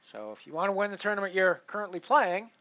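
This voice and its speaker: A man commentating his poker stream in a casual, rambling way, full of restarts, his loudness rising and falling as he goes. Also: sits high, expressive, quick pace, no room sound, highs cut off. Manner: rambling, with many restarts and big swings in loudness. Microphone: headset.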